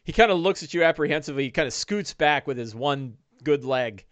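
A man's voice: on the high side, animated, brisk, fairly bright tone. Guy running a d&d session, kinda rambly narration, dry no-echo mic. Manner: descriptive, loose narration full of "uh" and "kinda". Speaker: game master. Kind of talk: narrating a one-on-one tabletop game.

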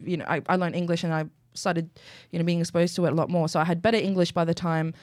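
A young woman telling a personal story in a casual, animated way, often restarting her phrases. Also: on the low side, quick pace, dry recording, studio quality. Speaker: guest.

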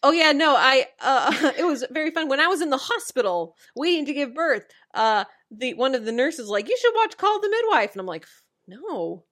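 A woman's voice: sits high, expressive, a little fast, few pauses, fairly bright tone. Woman co-host steering the chat. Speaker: podcast co-host. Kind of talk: casual recap chat.

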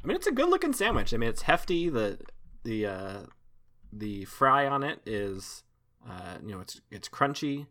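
A man co-hosting a casual podcast, talking haltingly with many restarts. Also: medium pitch, very animated, pushed and bright. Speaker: podcast co-host.

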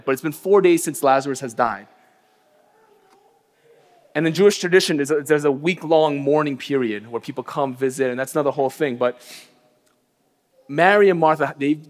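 A man preaching a sermon as pastor, earnest, sinking to a hushed low voice on grief and rising sharply for emphasis. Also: long reverb tail.

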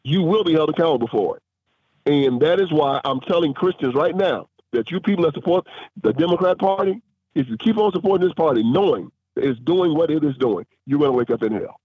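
A man's voice: fairly high pitch, lively intonation, brisk, husky, no echo. A man being interviewed as a guest author and filmmaker, speaking emphatically and rising into preacher-like force. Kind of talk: interview over a phone line. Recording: tinny dry phone line.

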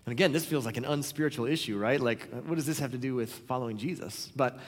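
A man preaching a sermon as pastor, talking in a conversational, animated way and acting out the people in his stories. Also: mid-range voice, quick pace, big-room sound. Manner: conversational, animated storytelling with quoted voices.

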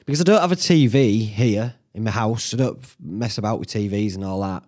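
A man with a lowish, darkish-toned voice talks fairly quickly on his solo podcast. Recording in a small home studio, he rambles in a chatty way, swears casually and laughs at himself.

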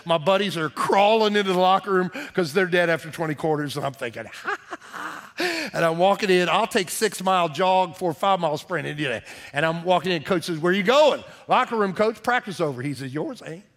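A middle-aged man, a pastor preaching a sermon in a folksy, animated storytelling manner. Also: high voice, fast.

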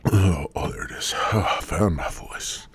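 A male podcast host, high on marijuana and hoarse, rambling crudely through a solo monologue. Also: heavy background noise. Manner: crude, rambling, drifts into breathy whispers. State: voice partly lost, throat-clearing.

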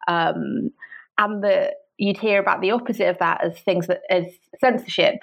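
A woman lecturer as a podcast guest, explaining ideas in an articulate, measured way. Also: medium pitch, fairly even intonation, vocal fry, muffled recording. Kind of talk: podcast interview.

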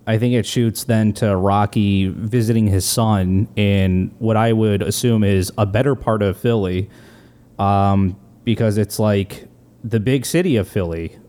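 A man's voice: on the low side, warm tone. A man co-hosting a casual podcast, rambling through a film recap and laughing easily. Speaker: podcast co-host. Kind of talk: casual movie recap chat.

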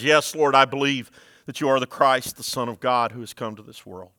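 A pastor who preaches a sermon, moving from loud, shouted passages to quiet scripture reading. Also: male voice, mid-range voice, fairly quick, no echo.

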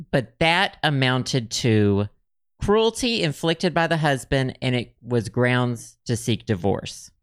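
Male podcast host, casual and rambling, smooth voice. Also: mid-range voice, a bit bright, dry recording, clean studio sound. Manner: chatty, rambling, reads facts aloud with many ums. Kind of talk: casual chat.

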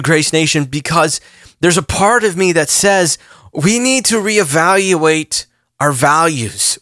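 Male pastor, forties, impassioned preaching; tense bright tone, slightly high, dry close sound. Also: no room sound. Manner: earnest, repeats himself, rising emphasis on questions. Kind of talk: impassioned sermon.

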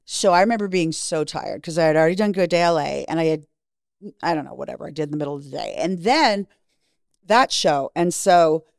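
Frank, lowish-voiced middle-aged woman. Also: no room sound, clean studio sound. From Canada. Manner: frank, profane, acts out quoted voices. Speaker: interview guest. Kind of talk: candid storytelling.

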